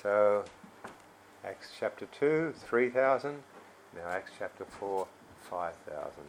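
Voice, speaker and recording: A man preaching a sermon, pausing and repeating words, reading scripture louder than he speaks. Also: animated, a little hiss or hum, low-quality recording. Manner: slow and halting, repeats words, reads scripture louder and higher.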